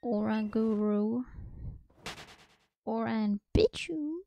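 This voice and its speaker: A woman streamer chatting casually during a game stream, rambling and quick to laugh. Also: a little high, creaky, lo-fi sound, a little hiss or hum. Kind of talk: casual gaming livestream chat. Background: background music.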